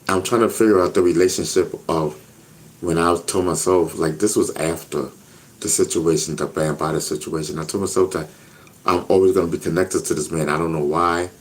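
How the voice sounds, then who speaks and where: A man telling a personal story in a casual interview, earnest and repetitive, often checking in with "you know what I mean?". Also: deep voice. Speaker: interview guest.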